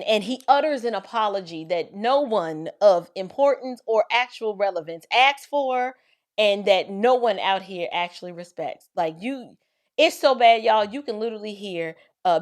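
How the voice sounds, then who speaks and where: A woman hosting an opinionated commentary vlog, speaking with sarcastic, mocking emphasis. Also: mid-range voice. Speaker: commentary host.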